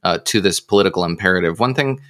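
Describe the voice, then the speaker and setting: A man on a podcast panel, speaking in a measured way with frequent filler pauses. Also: low voice, fairly bright tone. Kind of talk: casual panel chat.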